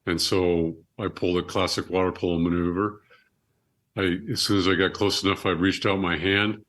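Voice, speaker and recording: A man's voice: sits low, level tone, normal speed, fairly bright tone. A middle-aged man, a surgeon and author, telling personal stories as a podcast guest in an earnest, reflective way with frequent restarts. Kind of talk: conversational storytelling.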